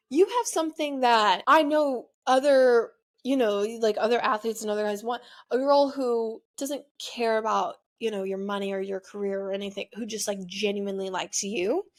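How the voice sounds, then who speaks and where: A young woman in her twenties hosting a podcast, telling a personal story into a microphone in a chatty, emotional way, full of "like" and restarts. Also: on the high side. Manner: chatty, filler-heavy, emotional, frequent "like". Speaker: podcast host. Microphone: studio microphone.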